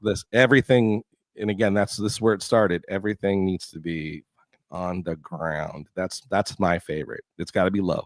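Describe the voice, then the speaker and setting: A man from Florida chatting as a podcast guest, telling stories with lively quoted voices. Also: low voice, normal speed, no room sound, clean studio sound. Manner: animated storyteller, acts out quoted voices. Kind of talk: casual chat.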